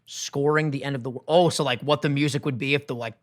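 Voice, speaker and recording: A man co-hosting a podcast, in a casual chat, animated and jokey with hyped banter. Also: mid-range voice, fast. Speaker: podcast co-host.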